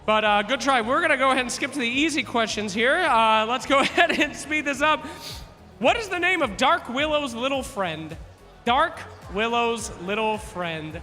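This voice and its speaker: A man with a very high, piercingly bright voice hosts a quiz on a live arena stage. He is loud and playful, teasing the contestants and shouting out to the crowd. The sound carries the long echo of a large hall. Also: animated, normal speed. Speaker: quiz host at a live esports event. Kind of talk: energetic stage hosting to a crowd. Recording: echoey arena hall with music.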